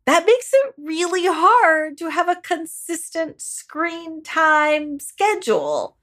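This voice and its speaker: A woman's voice: very high voice, very animated, slow pace, fairly bright tone. A woman speaking as a parenting coach, giving direct, encouraging advice to mothers.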